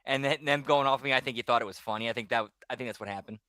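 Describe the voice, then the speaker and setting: A man co-hosting a podcast, telling personal stories in a loose, rambling way that often trails off quietly. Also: mid-range voice, rapid-fire, smooth, no room sound, studio quality. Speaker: podcast co-host. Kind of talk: casual storytelling chat.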